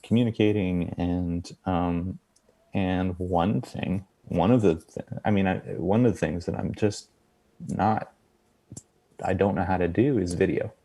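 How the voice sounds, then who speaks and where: A man's voice: low voice, steady tone, a little slow, warm tone. A man, a guest musician, chatting casually in a rambling, hesitant way. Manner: hesitant, rambling, lots of fillers and restarts. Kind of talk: casual podcast chat.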